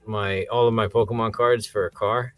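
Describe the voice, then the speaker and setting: A young man co-hosting a casual podcast, telling rambling anecdotes and breaking into high-pitched disbelief. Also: fairly even intonation, moderate pace, dry recording, faint music behind. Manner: rambling anecdotes, jumps high in pitch when he gets worked up. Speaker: podcast co-host. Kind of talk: casual movie review chat.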